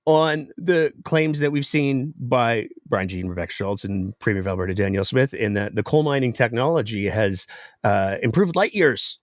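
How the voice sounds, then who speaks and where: A man hosting a live political commentary show, sarcastic and animated. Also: medium pitch, normal speed, hardly any pauses, no room sound, clean studio sound. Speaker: political podcast host.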